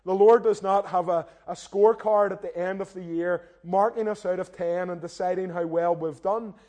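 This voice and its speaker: A young man who is a minister delivers a sermon in an earnest, direct manner, often calling his listeners "guys" and poking fun at himself. His voice is high and mellow, with fairly even intonation and a normal speed.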